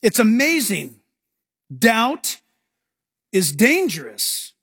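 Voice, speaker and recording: A man preaching a sermon as pastor, animated and acting out scenes for his congregation. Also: sits high, extremely slow, husky, dry recording, studio quality.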